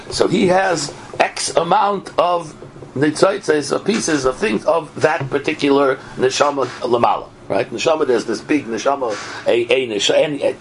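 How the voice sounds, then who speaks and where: Guy teaching a torah class, fried gravelly voice, noisy recording. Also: medium pitch. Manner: animated, keeps asking "right?". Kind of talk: Torah lecture.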